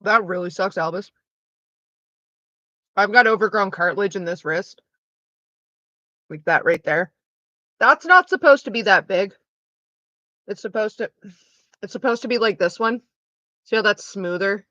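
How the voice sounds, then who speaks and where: A woman's voice: mid-range voice, a little slow, long pauses, pushed and bright, no echo, highs cut off. A woman streaming a game, chatting loosely with her live viewers and answering them by name. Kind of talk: casual chat with live viewers.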